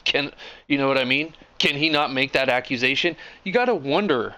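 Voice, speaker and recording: A man vents in an off-the-cuff rant, sarcastic and fed up, swearing as he rambles. His voice is bright and forceful, with a smooth, resonant clarity. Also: medium pitch, a little fast, dry recording. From United States. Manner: indignant, sarcastic, profane, rambling with frequent fillers. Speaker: political commentary vlogger. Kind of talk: casual ranting monologue.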